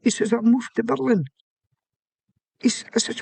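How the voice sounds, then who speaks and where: A man's voice: high voice, expressive, moderate pace, creaky, a little mellow, breathy edge, no room sound. An older man with an Aberdeen Scottish accent, a former soldier telling rambling anecdotes in an interview and acting out the dialogue. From Scotland. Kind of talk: storytelling interview.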